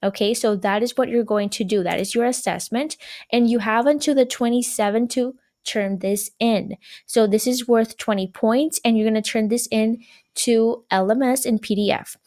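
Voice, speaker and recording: Patient woman teacher, slightly high voice. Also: moderate pace, a little mellow. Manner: patient, repeats key points with "right?". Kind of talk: recorded classroom grammar lesson.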